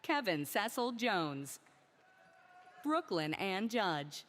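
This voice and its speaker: A woman reading out graduates' names one by one at a commencement ceremony, careful and deliberate. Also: mid-range voice, big pitch swings. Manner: slow, careful name reading. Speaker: commencement name reader. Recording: crowd and noise of a large ceremony.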